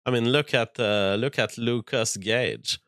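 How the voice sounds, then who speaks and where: Guy streaming and reacting to clips, blunt opinionated talk, smooth clean voice, dry close sound. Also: mid-range voice, a little slow, fairly bright tone, no echo. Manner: talks over clips, reads viewer comments aloud, frank and argumentative. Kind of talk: opinionated commentary.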